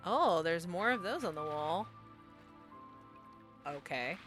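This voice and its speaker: Chatty woman streamer, bright voice. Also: on the low side, animated, slow pace, pauses often, soft background music. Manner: chatty, playful, laughs easily. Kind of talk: casual gameplay commentary.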